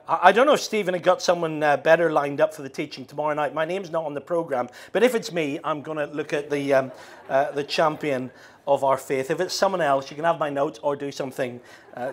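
A middle-aged man with a Northern Irish accent preaching a sermon, speaking slowly and deliberately with frequent ums and restarts. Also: on the high side. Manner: slows down, halting with fillers.

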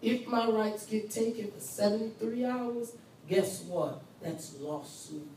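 A woman lectures a nursing class at a slow pace, her medium-pitched voice warm and emphatic as she repeats key points and speaks in the first person as the patient. The room sounds spacious, she's far from the mic, and there's faint ambience with slight background noise.

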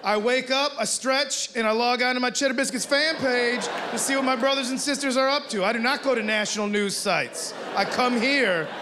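A man voicing an earnest, apologetic fan of a restaurant appetizer who pleads in a half-shouted, overexcited way, during a live stand-up set with audience noise. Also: extremely high pitch, normal speed, few pauses, crowd noise, pitched above the performer's own voice.

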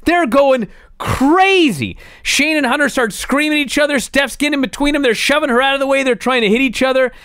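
A podcast co-host telling a wrestling story in casual chat, animated and full of swearing. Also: sits high, brisk, no room sound, studio quality.

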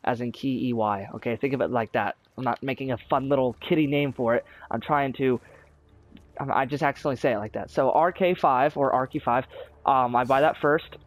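A man's voice: mid-range voice, brisk. A young man chatting casually over his own gameplay as a gaming YouTuber, rambling with lots of fillers and restarts. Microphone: console recording software.

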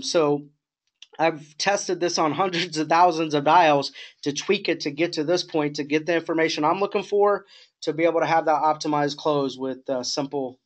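High-voiced man coaching a sales call. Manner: informal, talks in restarts and asides. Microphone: conference call line.

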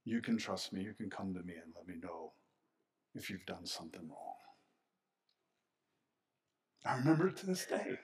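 A middle-aged man preaching a sermon as pastor, animated and swinging between hushed and loud passages. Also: deep voice, brisk, gravelly.

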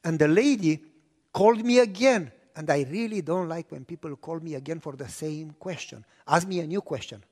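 A man preaching a sermon, telling stories and acting out the dialogue, clearing his throat often. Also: on the high side, normal speed. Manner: anecdotal, acts out dialogue, frequent throat clearing. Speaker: pastor. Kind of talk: storytelling sermon. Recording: long reverb of a large hall.

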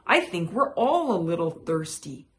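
Storybook bear, sleepy, huggable, slow-talking, woman reading. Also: on the low side, big pitch swings, slight background noise. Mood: easygoing. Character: sleepy friendly bear who loves hugs.

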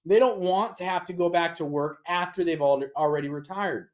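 A man who owns a retirement planning firm, answering interview questions in a folksy sales pitch full of homespun analogies. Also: normal speed. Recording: dull lo-fi audio.

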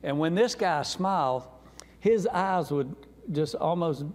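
A gravelly man in his sixties with a drawl, telling his testimony from the pulpit in a folksy, earnest way. His voice sits a little high, and it rings out in a reverberant church sanctuary with a long echo. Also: expressive, slow pace. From North Carolina. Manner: folksy, earnest, warm storyteller. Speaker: guest preacher. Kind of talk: sermon testimony storytelling.

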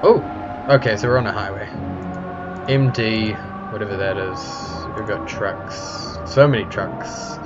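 A man's voice: fairly low pitch, unhurried, lo-fi sound. A man casually commenting on a video game as he plays, reacting and thinking aloud. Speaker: gamer. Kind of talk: let's play commentary. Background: game music.

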